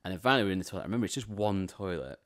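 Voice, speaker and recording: Lively male podcast co-host, low voice, crude, quick to laugh. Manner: laughing storyteller, crude banter. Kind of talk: casual comedic chat.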